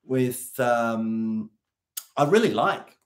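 A man with an Australian accent, chatting casually and telling lively stories on a language podcast. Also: mid-range voice, extremely slow. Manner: animated storyteller, acts out quoted voices. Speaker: co-host. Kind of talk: casual chat.

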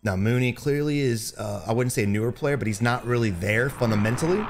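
A man's voice: medium pitch, fairly quick, a little hiss or hum. Blunt, foul-mouthed young man commentating. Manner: blunt, profane, teasing; bursts of loud excitement. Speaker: gaming streamer. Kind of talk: gameplay commentary.

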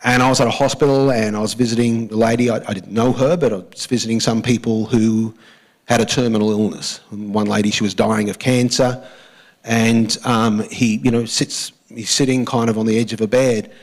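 Emphatic Australian pastor preaching. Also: male voice, lowish voice, fairly even intonation, poor audio. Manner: emphatic, slows down and repeats key phrases; leads the congregation in repeating lines. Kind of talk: church sermon.

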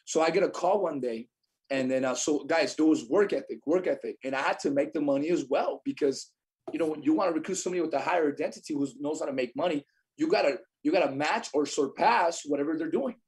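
A young adult man telling a lively story as a podcast guest, acting out what others said. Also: fairly high pitch, fast. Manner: animated storyteller, acts out quotes. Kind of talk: storytelling in casual chat.

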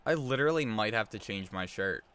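A man's voice: on the low side, animated, a little fast, fairly bright tone. A man hosting a gaming video, chatting casually with viewers while he plays. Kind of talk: casual gameplay commentary.

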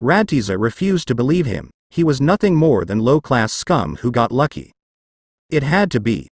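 A man reads a fan fiction story aloud with dramatic flair. His pitch rises and falls a lot, and the close microphone gives a dry, intimate sound with no room echo. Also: sing-song, normal speed, husky.

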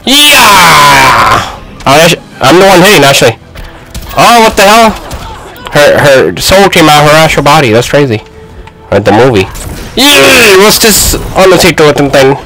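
An excitable young man plays a fighting game and comments on it the whole time, shouting and trash-talking at his opponent. His voice is bright and forceful, and it leaps all over the place in pitch. He talks at an unhurried pace between the bursts of yelling. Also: creaky, low-quality recording. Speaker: gaming YouTuber.

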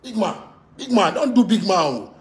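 A man with a Ghanaian Pidgin English accent delivering a heated, repetitive rant that swings from shouting to muttering. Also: high voice, very animated, normal speed, reverberant, slight background noise. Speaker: musician ranting to camera. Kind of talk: angry rant.

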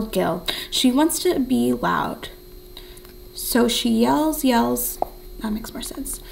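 A woman's voice: a little high, animated, slow, creaky, slight background noise, rough recording. A young woman teaching a remote writing lesson, encouraging and thinking aloud as she writes. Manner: counts syllables in a soft whisper.

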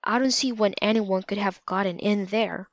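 A woman's voice: mid-range voice, steady tone, moderate pace, no room sound, close to an everyday voice. A woman reading a puzzled grown man. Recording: slightly dull lo-fi recording.

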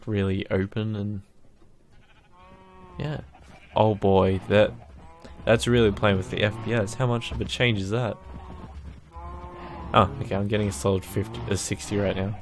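Sleepy, gravelly young man narrating gameplay. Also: on the low side, slight background noise. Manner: relaxed rambling commentary, just woken up. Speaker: gaming YouTuber. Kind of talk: casual Minecraft let's play.

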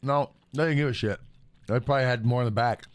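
A middle-aged Michigan man with a mid-range voice talks fast as a podcast co-host in casual chat. He tells stories in a rambling, profane style, saying "like" a lot.

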